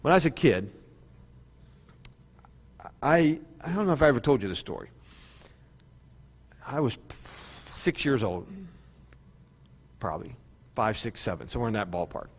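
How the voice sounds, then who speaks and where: A male pastor preaches in a sermon, his voice carrying a long hall reverb. He moves between fervent, climbing appeals and quieter, conversational storytelling, repeating phrases for emphasis. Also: medium pitch, lively intonation, normal speed, pauses often. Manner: preaching with rising fervor and repetition.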